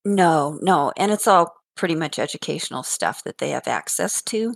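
An older woman chatting casually and telling funny stories about her grandchildren, animated and often laughing and repeating words. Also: deep voice, moderate pace, creaky. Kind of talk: casual chat.

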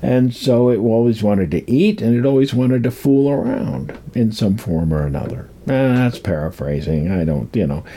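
Gravelly older man, rambling and chuckling. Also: fairly low pitch, normal speed, hardly any pauses, dark tone. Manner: rambling, chuckling, acts out voices. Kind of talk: casual storytelling talk.

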